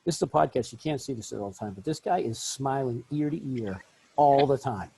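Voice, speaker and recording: A man hosting a podcast interview in casual chat, effusive and quick to laugh. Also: mid-range voice, animated, gravelly, dark tone, a little hiss or hum, low-quality recording. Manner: effusive, laughs often, talks in bursts. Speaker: podcast host.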